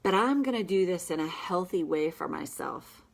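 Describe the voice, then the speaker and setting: A woman practitioner guiding listeners through a tapping session with slow, emphatic affirmations. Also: fairly low pitch, lively intonation, vocal fry.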